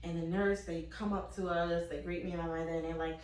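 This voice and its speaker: A woman's voice: lowish voice, a little fast. A young woman telling a comic story with laughs and acted-out voices, casually. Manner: animated, laughing, acts out quoted voices. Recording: echoey room, mic at a distance.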